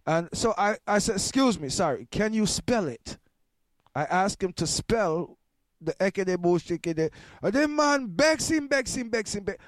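A man's voice: high voice, no room sound, studio quality. A man, hosting a radio show and telling a story with rambling, stammering repetitions. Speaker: radio host. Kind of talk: storytelling to listeners.

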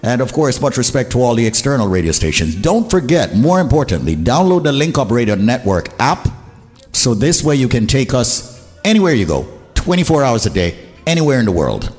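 A Jamaican man hosting a radio show, talking in an animated, emphatic and opinionated way. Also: medium pitch, a little fast. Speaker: radio host. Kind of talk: casual radio talk. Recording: radio broadcast with reverb and music.

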